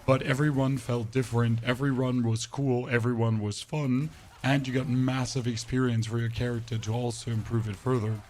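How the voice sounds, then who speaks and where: A man streaming a game live and chatting to his viewers while playing, his voice pushed deeper and hoarse, with little emphasis. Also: little pitch movement, normal speed, a little mellow, a little hiss or hum. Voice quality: voice pushed deeper than usual, less emphasis. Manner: chatty, rambling, talks to chat while playing. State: voice sounds off, hoarse. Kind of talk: live gameplay commentary to chat.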